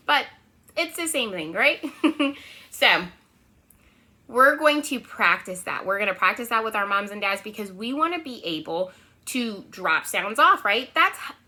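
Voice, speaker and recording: Bright, sing-song preschool teacher woman. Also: on the high side. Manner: lively sing-song, constant "right?" check-ins. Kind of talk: remote lesson for young children.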